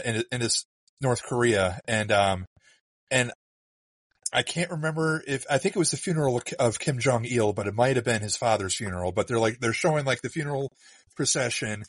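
A man in casual political chat, telling a story with hesitant, rambling pauses. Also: medium pitch, a bit bright, dry recording.

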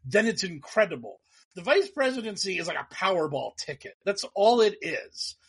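Husky, high-voiced sarcastic podcast host. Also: male voice, moderate pace. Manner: animated, profane, sarcastic, mocks others in put-on voices. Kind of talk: casual political podcast chat.

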